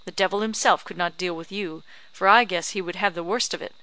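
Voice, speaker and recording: Woman reader as a cunning old farm crone, tart, bargaining, bright-edged. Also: lowish voice, fairly even intonation, brisk, clear, resonant tone. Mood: tart haggling. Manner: sharp, bargaining, scornful. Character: shrewd old backwoods woman, tart and haggling. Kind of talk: audiobook character reading.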